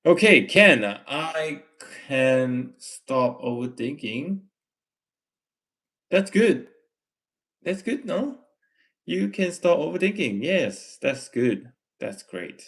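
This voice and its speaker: Gravelly Malaysian man chatting on a livestream. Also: a little high, sing-song, slow pace, long pauses. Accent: Malaysian English. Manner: reads chat messages aloud and answers, gently lecturing. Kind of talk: casual live chat Q&A.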